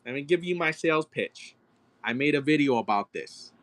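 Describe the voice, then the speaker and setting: A man running a live-stream card auction, ranting excitedly and cursing as he argues a point with his viewers. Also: a little high, normal speed. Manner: profane, excitable, argumentative ranting.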